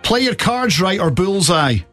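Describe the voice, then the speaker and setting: Chirpy radio host over music. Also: male voice, sits high, very animated. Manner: bright and chatty, quick banter. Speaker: radio breakfast show host. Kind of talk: upbeat radio presenting. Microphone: studio microphone. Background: music bed.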